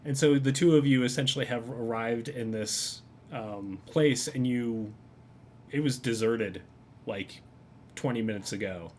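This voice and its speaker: A man's voice: mid-range voice, unhurried, slight background noise. A man casually narrating as game master of a tabletop game, rambling with frequent fillers.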